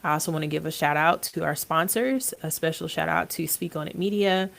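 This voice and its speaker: A woman's voice: low voice, brisk, creaky. A woman hosting a therapy podcast, congested from allergies, talking casually with frequent ums and uhs. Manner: hesitant, many ums and uhs.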